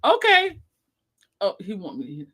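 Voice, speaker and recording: A woman's voice: mid-range voice, wildly swooping pitch, moderate pace, pushed and bright, breathy edge. A woman hosting a casual livestream chat, laughing constantly and reading viewer comments aloud. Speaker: livestream host.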